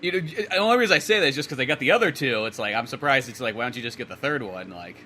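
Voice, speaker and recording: A man co-hosts a casual movie review podcast, rambling through his opinions very quickly and often trailing off before starting again. His middling-pitched voice is bright and crisp with lively intonation, over a faint background noise.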